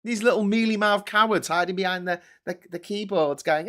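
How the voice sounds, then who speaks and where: A man in his forties with a Scouse accent rants on a casual live stream. He swears freely and gets fired up as he goes, and his voice sits a little high for a man. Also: a little fast, sharp tone. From Liverpool, England. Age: 40s. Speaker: host.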